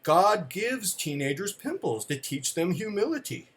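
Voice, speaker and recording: A man's voice: high-pitched, unhurried, breathy edge, pitched above the performer's own voice, full character voice. A man doing a smug know-it-all 1960s dad. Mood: self-assured. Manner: calm, matter-of-fact and self-assured.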